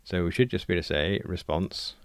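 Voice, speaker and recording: A man's voice: low voice, fairly quick, clear, resonant tone, no echo. A man hosting a programming tutorial, thinking aloud in a conversational, explanatory way as he walks through code on a close desk mic. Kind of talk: screencast coding walkthrough.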